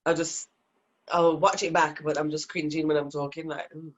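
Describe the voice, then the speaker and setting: A woman's voice: deep voice, level tone, normal speed, highs cut off. A woman with a Birmingham accent co-hosting a casual chat, talkative and bluntly teasing. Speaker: co-host.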